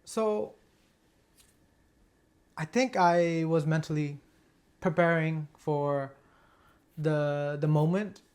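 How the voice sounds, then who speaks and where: Guy in acting class opening up, slow and halting, keeps restarting, voice sits a bit high. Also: steady tone, a little mellow. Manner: halting, hesitant, many restarts. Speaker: acting student. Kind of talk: emotional personal sharing in acting class.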